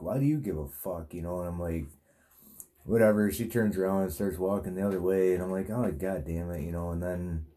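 A man's voice: deep voice, dark tone. A man telling a rambling, profane story in a casual monologue, with lots of fillers. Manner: crude, profane, meandering with many fillers. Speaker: vlogger telling a dream.

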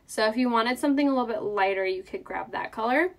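Chatty woman host, slightly high voice, live makeup demo while reading viewer comments. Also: fast talker. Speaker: makeup seller.

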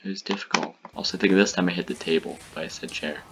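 A young man with a very deep, steady voice reacts casually to his old videos, talking fast and rambling through his explanations with plenty of fillers and laughter. Background noise is clearly audible throughout the recording.

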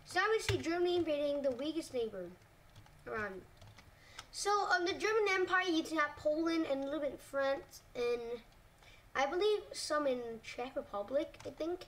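A woman narrating a map scenario in a casual, hesitant way, often pausing on "like" and correcting herself. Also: sits high, lively intonation, distant mic, a little hiss or hum. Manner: hesitant, full of "like" and self-corrections.

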